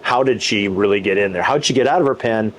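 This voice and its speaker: A man's voice: fairly low pitch, fast talker, slight background noise. A man who is a pastor and podcast co-host, chatting casually and telling a rambling anecdote with many restarts. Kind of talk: casual chat.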